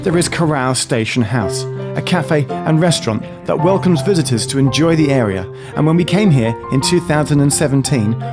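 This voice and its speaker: A man narrating a travel documentary in a measured, scripted voice. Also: a little high. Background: guitar music.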